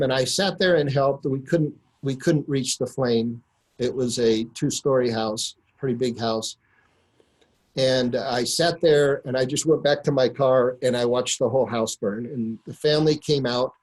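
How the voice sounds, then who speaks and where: A man on a webinar, earnestly telling a personal story and slowing down to stress key words. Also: medium pitch, darkish tone, low-quality recording. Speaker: webinar speaker.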